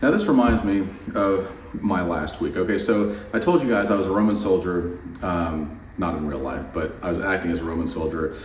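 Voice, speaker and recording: A man vlogging his house renovation in a playful, mock-excited way, then turning to earnest preaching. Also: low voice, moderate pace, hardly any pauses, a little hiss or hum. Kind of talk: casual talk to camera with preaching. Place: unfinished house interior. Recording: echoey empty house.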